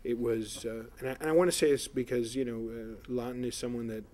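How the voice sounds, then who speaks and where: A man's voice: mid-range voice, fairly even intonation, fairly quick, a little mellow. A middle-aged man from South Florida, a political candidate answering questions in an editorial board interview, rambling with many fillers and restarts.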